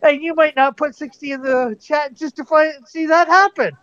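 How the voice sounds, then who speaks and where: A man's voice: very high voice, fairly even intonation, moderate pace, fairly bright tone. Jokey man auctioneer on a lo-fi mic. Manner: jokey, laughs between calls for bids. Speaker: auction host. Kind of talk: livestream auctioneering. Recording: dull lo-fi mic with faint noise.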